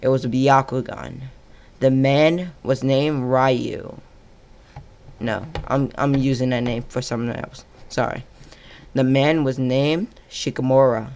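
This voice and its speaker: A man tells an improvised fan-fiction tale, drawn out at an unhurried pace. He stumbles and corrects himself mid-sentence, and his pitch stays in an ordinary middle range. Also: fairly even intonation, vocal fry.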